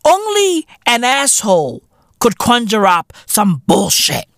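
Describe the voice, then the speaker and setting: A podcast host in their thirties, ranting comedically and profanely, breaking into loud outbursts. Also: mid-range voice, slow pace, no echo, studio quality. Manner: profane, animated, bursts into shouts. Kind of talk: comedic solo podcast rant.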